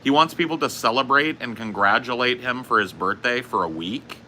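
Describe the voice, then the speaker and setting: A man's voice: mid-range voice, fairly quick, pushed and bright, slight background noise. A man streaming live, ranting casually with lots of swearing and repeating himself. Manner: profane, rambling rant; frequent coughing. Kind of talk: casual livestream chat.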